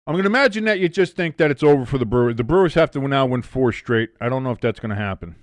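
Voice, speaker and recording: A man's voice: mid-range voice, lively intonation, fast, no room sound, clean studio sound. A young man casually commenting on a football game live for a stream, reading chat aloud and swearing freely. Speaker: watch-along streamer.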